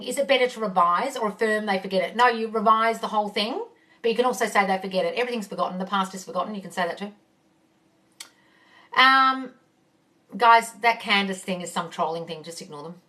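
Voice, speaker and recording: Bright-voiced woman, blunt and casual. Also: medium pitch, animated, brisk, recorded from a distance. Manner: blunt and casual, swears, calls everyone darling. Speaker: manifesting coach. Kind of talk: live-stream Q&A, reading out viewer comments. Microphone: phone.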